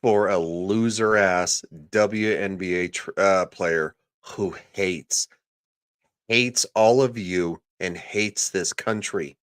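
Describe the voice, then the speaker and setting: A man's voice: deep voice, slow pace, a bit bright, clear, resonant tone, no room sound, studio quality. A man hosting a livestream, ranting sarcastically and crudely, often reading out viewers' chat comments. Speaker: livestream host.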